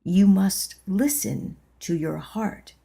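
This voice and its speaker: A woman reading an audiobook and voicing a gentle, insistent old woman from a dream, in a soft, quiet voice. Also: medium pitch, slow pace, vocal fry, slightly rough, exaggerated voice. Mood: gently insistent.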